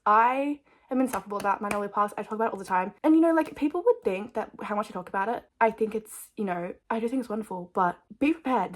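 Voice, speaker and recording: Young woman, mid-pitched, loose rambling vlog chatter heavy on "like", talking to her camera. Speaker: vlogger. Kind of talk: casual chat to camera.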